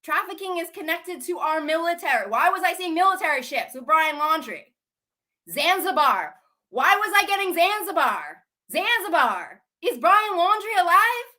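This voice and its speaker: Woman, young adult, very high bright voice, agitated, repetitive, swearing, rhetorical questions. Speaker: channel host. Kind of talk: emotional monologue to camera.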